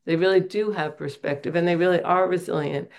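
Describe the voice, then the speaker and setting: Middle-aged woman sharing her story at a meeting, kinda gravelly, honest and a bit self-mocking. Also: on the low side, fairly even intonation, brisk. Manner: candid, earnest, self-deprecating storytelling. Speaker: member sharing at a recovery meeting. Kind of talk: personal testimony.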